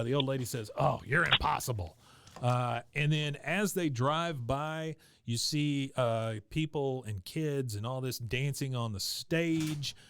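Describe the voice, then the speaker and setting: Podcast co-host, man, mid pitch, dry close sound, chatty recap with frequent laughs. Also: smooth, no echo. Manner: laughs often, narrates scenes with quoted lines. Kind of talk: casual chat recapping an episode.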